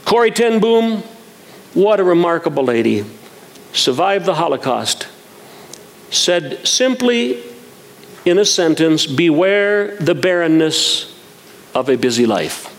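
Gravelly-voiced man preaching with folksy humor. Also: sits high. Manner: folksy storytelling with humor, reads scripture aloud. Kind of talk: sermon.

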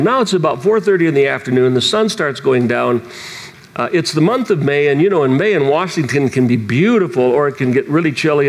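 Gravelly man telling a sermon story. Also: mid-range voice. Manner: rambling storytelling with restarts and chuckles. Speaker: preacher. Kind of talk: sermon testimony.

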